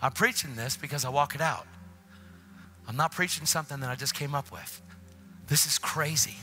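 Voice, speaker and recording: A man preaching an energetic sermon in a church, telling a story and acting out both sides of the conversations, with sudden excited shouts. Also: a little high, normal speed, soft background music.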